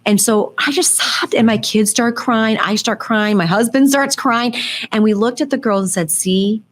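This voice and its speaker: A woman's voice: a little high, normal speed. A woman guest on an interview podcast, telling a personal story in an earnest, heartfelt way with faith references. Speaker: guest, business founder and CEO.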